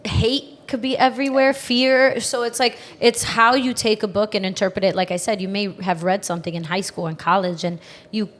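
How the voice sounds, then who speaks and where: A woman's voice: mid-range voice, steady tone, a little fast. A woman hosting a podcast, chatting casually and retelling book scenes with feeling. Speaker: podcast host. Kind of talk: casual chat.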